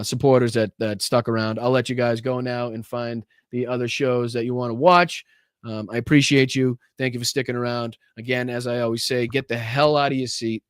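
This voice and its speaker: Heated male livestream host, crisp and dry. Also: mid-range voice, dry recording. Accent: Boston. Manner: heated, repetitive, many fillers and restarts. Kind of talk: casual livestream commentary and viewer shout-outs.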